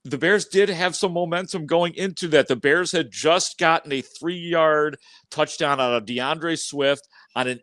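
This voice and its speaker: A man's voice: medium pitch, a bit bright, dry recording. A man co-hosting a postgame sports podcast, recapping the plays in a conversational way with frequent restarts. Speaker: podcast co-host.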